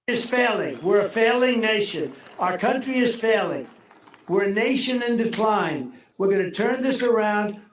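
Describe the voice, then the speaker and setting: A man's voice: sits high, animated, normal speed, slight background noise. A man giving a campaign rally speech outdoors, speaking in boastful, repetitive, punchy declarations. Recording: echoey, distant rally audio with faint ambience.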